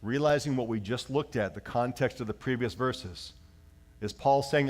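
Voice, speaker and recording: Male pastor, lively sermon delivery, mid-pitched voice. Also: normal speed. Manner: animated preaching, slips into acted voices; leads the congregation in reading aloud.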